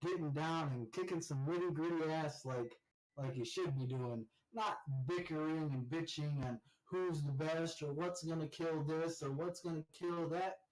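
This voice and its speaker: A man co-hosting a casual gaming chat, telling stories in an animated way and rising loud when he quotes teammates. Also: fairly high pitch, moderate pace, low-quality recording. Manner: animated storyteller, shouts when quoting teammates. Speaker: podcast co-host.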